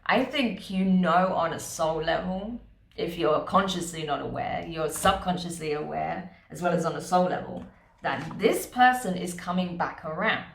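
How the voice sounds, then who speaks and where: A woman's voice: lowish voice, moderate pace, creaky, reverberant, slight background noise. A woman giving a casual monthly tarot reading to her viewers, chatty, often laughing, and adding "right?" to her points. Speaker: tarot reader.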